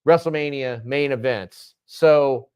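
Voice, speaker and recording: A man's voice: medium pitch, slow pace, a little mellow, clear, resonant tone. A man co-hosting a casual wrestling chat show, rambling and restarting his phrases, swearing now and then. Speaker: podcast co-host.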